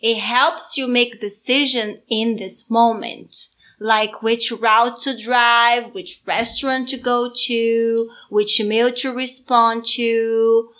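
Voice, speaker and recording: Slow-talking Brazilian mother, playful. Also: fairly high pitch, fairly even intonation, fairly bright tone. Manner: teasing, playful. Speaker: podcast co-host. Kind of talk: casual chat.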